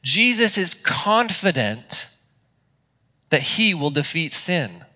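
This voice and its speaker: A man's voice: on the high side, sing-song, takes it slowly, sharp tone, long reverb tail. A man preaching a sermon as pastor, earnest and conversational, with small restarts. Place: church auditorium.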